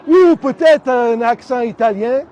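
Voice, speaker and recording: A man's voice: very high voice, a little slow, darkish tone, some chatter behind. A middle-aged man from Toronto with a Canadian English accent, giving an impassioned speech outdoors in front of a hospital and repeating rallying slogans. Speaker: rally speaker. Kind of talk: public protest speech.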